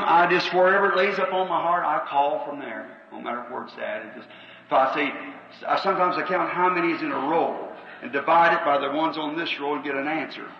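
A man's voice: a little high, slight background noise. A Southern American preacher leads a revival meeting, earnest and plain-spoken. His voice rings through a big echoey hall with a long tail. The recording is an old, muffled tape from some distance away. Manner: folksy, earnest, calls out numbers to the crowd. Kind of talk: revival sermon and healing line. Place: large auditorium.

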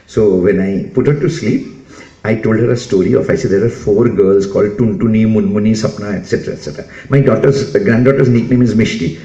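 A man in his sixties with an Indian English accent, giving an animated, humorous talk to parents and putting questions to the audience. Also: lowish voice, brisk. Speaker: speaker addressing parents. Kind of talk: motivational talk. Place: school hall. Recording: echoey hall, dull lo-fi sound.

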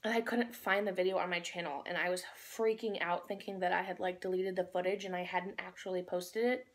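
A woman's voice: fairly low pitch, fairly even intonation, fairly quick. A young woman vlogging into her phone, chatting in a bubbly, rambling way and talking with her mouth full while she eats. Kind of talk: casual chat while eating.

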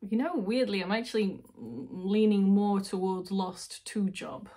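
A woman's voice: mid-range voice, animated, measured pace, mellow. Woman tarot reader, emotional and intuitive, thinks aloud, restarts her sentences. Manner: emotional, intuitive, self-interrupting. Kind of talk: tarot reading video.

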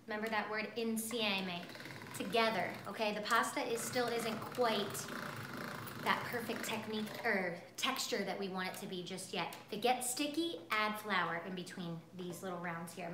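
A woman's voice: mid-range voice, moderate pace, echoey room, background noise. A woman teaching a live cooking class from her kitchen, bubbly and chatty, talking straight to her viewers. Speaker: cooking instructor. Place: home kitchen.

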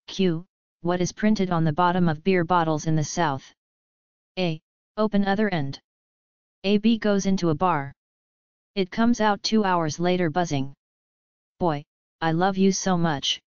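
Lady reading off beer jokes, even and flat, super dry close sound. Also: lowish voice, smooth, dry recording. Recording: dull lo-fi dry recording.

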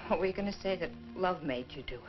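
A woman's voice: lowish voice, animated, quick pace, natural voice. An actress playing a bitter young woman coldly rejecting a man in a 1950s film, cutting and scornful. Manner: cold, cutting, rising to shouting. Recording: dull old film soundtrack with music.

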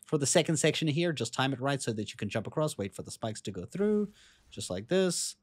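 Young guy, slight foreign accent, casual walkthrough voice-over, dry close mic, mid pitch. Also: fairly quick, no room sound. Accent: non-native English accent. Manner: relaxed, chatty, step-by-step instructions. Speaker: gaming guide creator.

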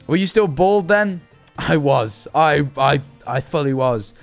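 A young man talks to his stream audience and tells embarrassing stories about himself. He trips over his words and repeats himself often. His voice sits a little high, and soft music runs behind him. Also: expressive, a little slow, vocal fry. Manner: stammering, self-deprecating storyteller. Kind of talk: livestream reaction chat.

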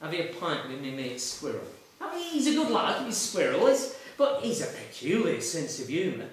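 With a fairly high voice whose pitch swoops wildly, at a moderate pace, an actor plays a blustering, aggrieved middle-aged male traffic warden in a live solo-show monologue. He rambles self-pityingly and lets out sudden bursts. The setting is a meeting room with a live audience, and the echoey recording captures him from afar.

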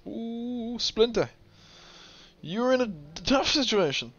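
A man hosting a game tournament stream, tired and with a sore throat, chatting in a relaxed, chuckling, rambling way. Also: very high voice, slow. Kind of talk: casual live game commentary. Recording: dull lo-fi stream audio with game music. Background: faint game music.

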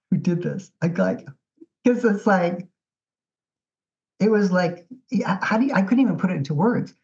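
Lady telling her story all excited, kinda low voice, muffled audio. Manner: animated, chatty storyteller. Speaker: guest artist. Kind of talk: casual storytelling interview. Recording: dull lo-fi audio.

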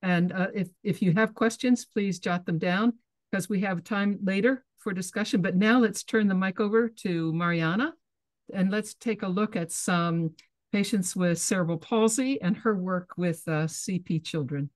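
A woman moderating an online conference session, brisk and encouraging. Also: medium pitch, no echo.

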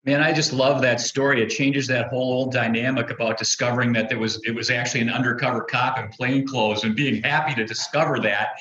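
A man hosting a panel, putting halting questions full of fillers over a video call. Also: medium pitch, fairly even intonation, fairly bright tone, roomy sound, dull audio. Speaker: host and moderator. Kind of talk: moderating an online panel.

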